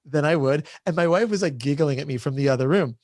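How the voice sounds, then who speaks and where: A man's voice: on the high side, fast, darkish tone, dry recording, clean studio sound. A man moderating a casual online panel, telling a chatty, self-deprecating story over a video call.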